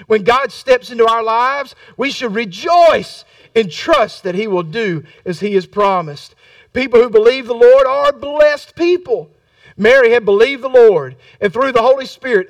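A man preaching a sermon as a Baptist pastor, repeating his lines and building to fervent shouts. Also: sits high, no echo, distant mic.

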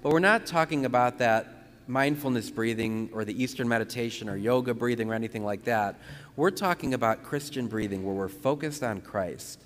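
A man who is a priest, teaching and leading a guided prayer slowly and calmly, repeating phrases with pauses for breathing. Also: mid-range voice, a little hiss or hum. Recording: long reverberant room sound.

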